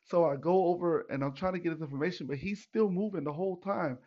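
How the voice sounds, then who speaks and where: A man hosting a podcast, telling a story in a casual, animated and profane way, acting out what people said. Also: on the high side, quick pace, highs cut off. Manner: animated, profane, retells with acted quotes. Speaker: podcast host.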